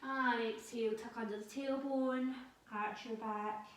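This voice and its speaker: Calm woman guiding yoga, echoey room. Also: on the high side. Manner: calm, slow guiding cues. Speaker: yoga instructor. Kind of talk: guided yoga instruction. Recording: echoey room, voice a bit far from mic.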